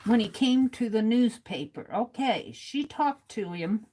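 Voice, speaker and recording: A woman's voice: fairly high pitch, lively intonation, unhurried, dark tone. A woman hosting a livestream, reading viewers' comments aloud and chatting casually while she writes. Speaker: livestream host.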